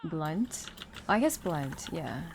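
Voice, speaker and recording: A woman's voice: low voice, very animated, slow, slight background noise. Chatty rambling woman streamer. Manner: chatty, rambling, laughs often. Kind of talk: casual chat while gaming.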